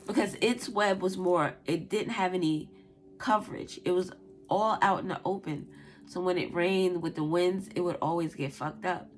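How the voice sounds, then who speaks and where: Profane, animated woman telling a story. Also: lowish voice, moderate pace. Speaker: tarot reader. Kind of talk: casual storytelling and tarot reading.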